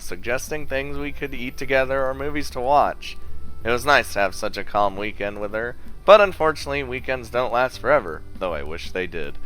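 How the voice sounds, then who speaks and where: A man's voice: on the low side, pushed and bright, poor audio. A man reading a visual novel aloud, adding crude joking asides as he goes. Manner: swearing, laughing asides. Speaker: let's play narrator.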